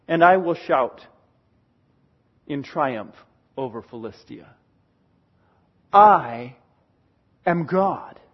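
A man preaches in a high, unhurried voice, stressing his points with earnest emphasis as he explains scripture. The recording is a little dull and lo-fi. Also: animated. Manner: earnest, emphatic, paraphrasing God in a booming voice. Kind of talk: sermon, expository Bible teaching.

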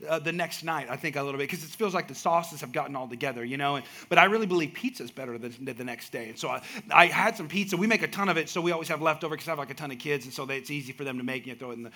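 Bright-voiced man preaching a sermon. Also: fairly high pitch, rapid-fire, few pauses. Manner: storytelling with rising emphatic outbursts. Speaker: pastor.

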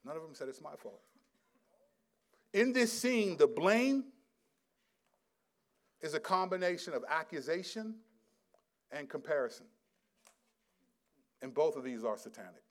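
Dynamic male preacher, fairly high voice. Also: animated, a little slow, long pauses. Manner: dynamic preaching, swinging from quiet and low to loud and emphatic; reads scripture aloud with rising intensity. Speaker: pastor. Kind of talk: sermon.

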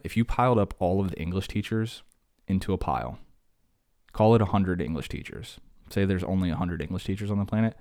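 A young man hosting a solo podcast, ranting fast and sarcastically, jumping from one tangent to the next. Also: deep voice, darkish tone, no echo, studio quality. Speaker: podcast host.

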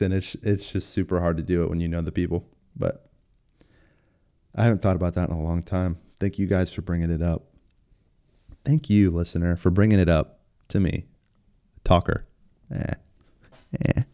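A man's voice: sits low, warm tone, clean tone. A man in his twenties hosting a solo podcast, talking casually in a rambling, self-deprecating way with lots of fillers. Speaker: podcast host.

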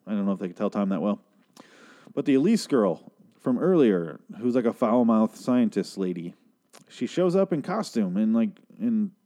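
Rambling, profane man with a low voice. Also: mellow. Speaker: show recapper. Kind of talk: casual episode recap.

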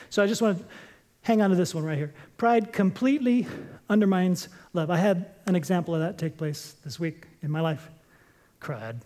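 A man preaching a sermon as pastor, emphatic and jokey, repeating his short points. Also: high voice. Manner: lively, jokey storytelling preacher.

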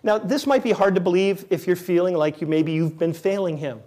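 A man's voice: high voice, a little fast, dark tone. A man preaching a sermon as pastor, conversational and emphatic, repeating key words for stress.

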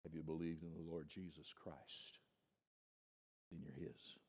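A male pastor preaching a sermon, swinging from soft, low passages to loud, high-pitched emphasis and calling listeners "my friend.". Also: level tone, a little slow, husky. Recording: long hall reverb.

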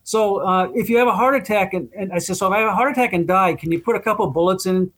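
A man's voice: high-pitched, fast talker, fairly bright tone. An older man, a guest, telling long rambling anecdotes with lots of fillers and small chuckles. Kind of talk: casual storytelling interview.

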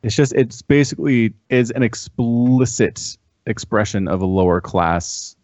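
A man's voice: mid-range voice, a little slow, a little mellow, dry recording, highs cut off. A man hosting a casual podcast chat who laughs often and makes wry asides.

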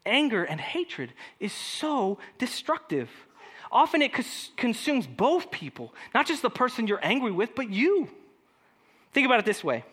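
A man's voice: very high-pitched, measured pace, breathy edge. A male pastor preaching a conversational sermon, acting out quoted lines and speaking directly to the congregation. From California. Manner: conversational, animated, acts out quoted voices.

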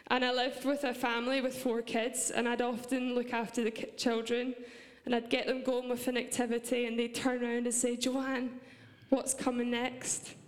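A young woman with a Scottish accent speaks earnestly from a church stage, her voice sitting a little high. The sound rings with the long reverb of a large hall. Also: level tone, normal speed. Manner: earnest and heartfelt, with light laughs. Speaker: preacher. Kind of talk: church sermon.

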